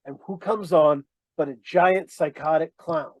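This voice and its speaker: A man's voice: fairly high pitch, unhurried, no echo. A man from Maine in a casual chat, telling stories with enthusiasm.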